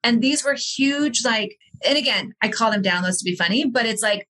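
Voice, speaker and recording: A woman's voice: fairly high pitch, expressive, normal speed, sharp tone, rough recording. A woman talking as a podcast guest, an author and coach, speaking earnestly and reflectively with frequent restarts. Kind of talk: candid personal conversation.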